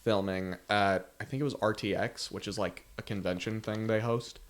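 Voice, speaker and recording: A man's voice: lowish voice, fairly even intonation, normal speed. A young man co-hosting a podcast, telling a long story in a rambling, casual way with many restarts. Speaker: podcast co-host. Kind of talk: casual chat.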